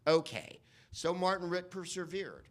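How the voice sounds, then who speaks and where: A man doing stand-up comedy, rambling and profane, slipping into quick voice impressions. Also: high voice, expressive, fairly bright tone. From United States. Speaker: comedian and podcast host.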